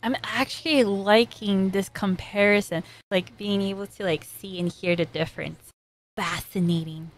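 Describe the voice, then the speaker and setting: A woman giving casual, excitable reaction commentary as an anime reviewer, often laughing. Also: mid-range voice, normal speed. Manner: excitable, giggly.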